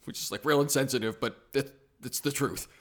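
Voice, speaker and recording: A podcast co-host with a mid-range voice speaks fairly quickly while recapping a TV episode on a casual show. He cracks profane jokes and laughs often.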